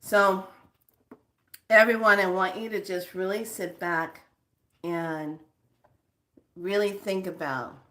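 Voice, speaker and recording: Slow, bright-voiced woman vlogger. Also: medium pitch, fairly even intonation. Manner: laughs often, swears for emphasis. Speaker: spiritual vlogger. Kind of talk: casual talk to viewers.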